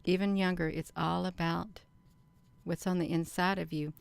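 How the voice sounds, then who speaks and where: A middle-aged woman hosting her own channel, talking slowly and earnestly to her viewers in a rambling casual monologue. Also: on the low side, fairly even intonation, vocal fry, smooth, dry recording. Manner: slow, earnest, addresses viewers as "you all". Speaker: channel host.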